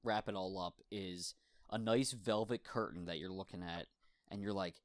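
A man's voice: low-pitched, steady tone, normal speed, no room sound. A young man co-hosting a podcast in casual chat who laughs a lot, swears freely and acts out made-up quotes. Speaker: podcast co-host.

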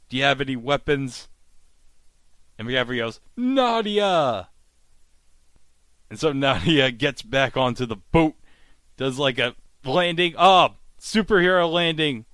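A man hosting a podcast, casually recapping a TV episode and acting out the characters' lines in animated bursts. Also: medium pitch, no room sound. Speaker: podcast host.

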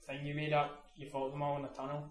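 A man's voice: fairly high pitch, completely flat delivery, quick pace. Wisecracking man in an echoey room. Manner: dry wisecracking interjections. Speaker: podcast co-host. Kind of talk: casual comedic banter.

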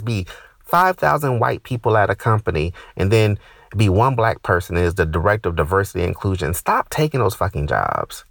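A man in his thirties doing stand-up, ranting with profanity and sudden high-pitched outbursts. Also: expressive, a little fast, vocal fry, no room sound, studio quality. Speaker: stand-up comedian. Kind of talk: stand-up comedy set.

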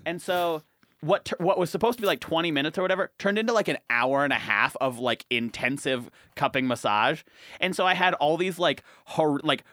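A young man in his twenties, co-hosting a podcast and telling a funny story in casual chat, acting out what people said with big loud swings. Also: on the high side, fairly quick, dry recording, clean studio sound. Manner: animated storyteller, acts out quotes loudly. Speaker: podcast co-host.

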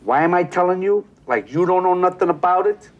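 An actor playing a volatile, hot-tempered middle-aged mob boss in film dialogue, halting and then bursting into sworn threats. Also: male voice, sits high, lively intonation, highs cut off. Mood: enraged.

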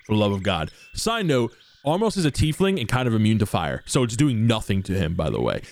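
Lively young man running a tabletop game. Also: lowish voice, fairly quick. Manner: casual, lively, swearing, with fillers. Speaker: game master.

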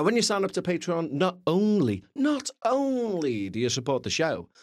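A man's voice: medium pitch, no room sound, studio quality. A man hosting a podcast in a casual, rambling way, full of self-mocking, playful asides, recorded in a small windowless carpeted room. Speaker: podcast host.

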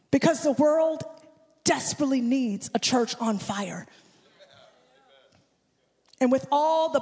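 A woman preaching as a guest speaker in a church, building fervently and breaking into shouts and a sung cadence on a handheld microphone. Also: high voice. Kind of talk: impassioned sermon. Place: church sanctuary. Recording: long church hall reverb.

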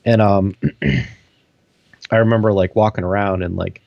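A man's voice: fairly low pitch, level tone, normal speed, creaky, no room sound, dull audio. A man co-hosting a podcast, telling a rambling story full of fillers in casual chat. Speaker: podcast co-host.

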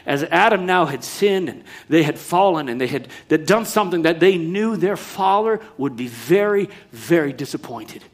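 A man preaching a sermon in an emphatic manner, swinging from loud preaching to quiet asides. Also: fairly high pitch, animated, normal speed, hardly any pauses.

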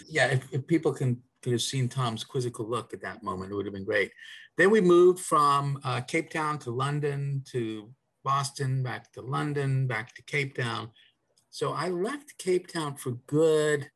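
A man's voice: mid-range voice, a little slow, fairly bright tone. A man from South Africa, middle-aged or older, talking as a guest on a podcast in a rambling way, with restarts and fillers. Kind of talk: casual interview chat.

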